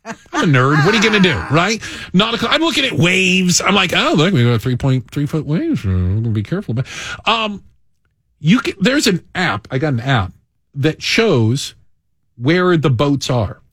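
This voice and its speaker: A man hosting a radio talk show, chatting casually, animated and self-mocking, with frequent restarts. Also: on the high side, normal speed, slightly rough, dry recording, studio quality. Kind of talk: casual on-air banter.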